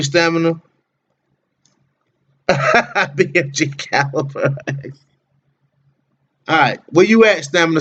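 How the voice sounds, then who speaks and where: A man's voice: on the high side, fairly bright tone, muffled recording. A man hosting a casual livestream, chatting with viewers by name in slangy, laid-back talk. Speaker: livestream host.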